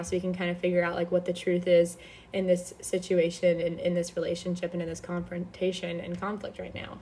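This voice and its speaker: Chatty young woman, lowish voice. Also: flat delivery, quick pace. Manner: chatty, many fillers and restarts. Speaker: podcast host. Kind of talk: casual faith-based advice talk.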